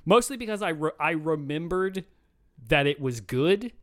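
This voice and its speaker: A man's voice: fairly high pitch, animated, moderate pace, fairly bright tone, no room sound. Guy rambling dryly on a podcast, dead dry mic. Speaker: podcast guest. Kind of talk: casual podcast chat.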